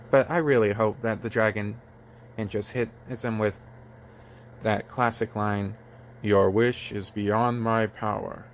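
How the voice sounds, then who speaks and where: A man hosting his own channel, reviewing a comic chapter in a halting, casual way, full of fillers and restarts. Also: mid-range voice, a little hiss or hum. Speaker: channel host. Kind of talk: casual manga review talk.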